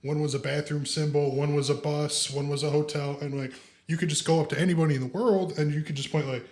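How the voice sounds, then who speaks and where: A man's voice: a little high, fairly even intonation, fast talker, darkish tone. A man who is a guest on a podcast, chatting casually and throwing in teasing jokes. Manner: joking, teasing. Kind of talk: casual chat.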